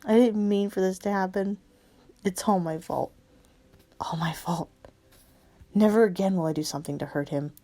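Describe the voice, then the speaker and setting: A woman's voice: medium pitch, moderate pace, pauses often, dark tone, natural voice. A woman voicing a heartbroken young woman who pleads through tears in a fan story reading. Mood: sobbing. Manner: tearful, pleading.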